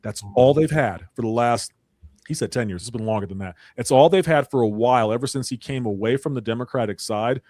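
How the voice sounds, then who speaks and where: A man's voice: medium pitch, fairly quick, darkish tone, dry recording. A man hosting a political commentary panel, emphatic and preachy, with a mocking edge. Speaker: panel host.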